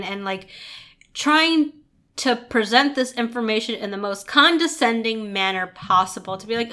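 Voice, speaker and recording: A woman co-hosting a podcast, chatting casually about a web series, animated and laughing often. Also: a little high, unhurried. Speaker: podcast co-host.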